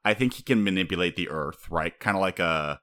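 A man co-hosting a casual chat, excitable and swearing freely, sometimes acting out characters. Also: deep voice, brisk. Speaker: podcast co-host.

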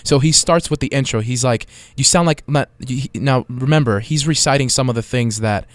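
A man's voice: medium pitch, a little fast, dry recording. A young man in casual chat, stumbling and repeating himself as he reads lyrics aloud. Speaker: friend talking music. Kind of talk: casual chat over a call.

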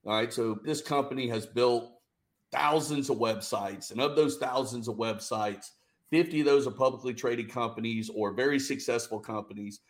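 A man's voice: medium pitch, moderate pace. A man, a business founder and guest, telling stories in a casual interview and acting out the dialogue. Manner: animated, acts out quoted dialogue.

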